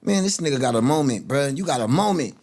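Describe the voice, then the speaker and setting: A man's voice: mid-range voice, expressive, fast, darkish tone, no room sound, clean studio sound. A man hosting a stream, reacting to music clips in blunt, profane, mocking casual commentary. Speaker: host reacting to music videos.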